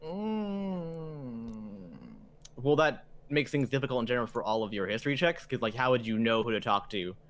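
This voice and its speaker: A man's voice: mid-range voice, normal speed, fairly bright tone. A man narrating as game master of a tabletop game, rambling and hesitant, with many fillers.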